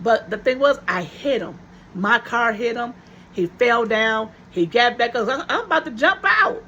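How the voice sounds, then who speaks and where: A woman's voice: on the high side, fairly bright tone, muffled recording, slight background noise. A woman vlogger telling viewers a personal story in a casual, chatty way, repeating her phrases for emphasis.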